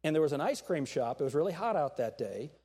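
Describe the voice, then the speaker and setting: Middle-aged male pastor, lively sermon delivery, voice sits high and swings widely, acts out quotes. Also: fast talker, slightly rough. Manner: animated preaching with acted-out quotes and jokes.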